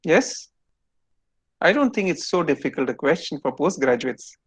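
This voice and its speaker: A man's voice: fairly high pitch, very animated, normal speed, husky, dry recording. A man giving an online lecture to students over a video call, explaining step by step and quizzing them.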